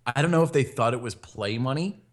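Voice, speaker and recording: A man's voice: medium pitch, brisk. Man rambling through a funny story. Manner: rambling, laughs often, many fillers, animated quoting. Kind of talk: casual anecdote telling.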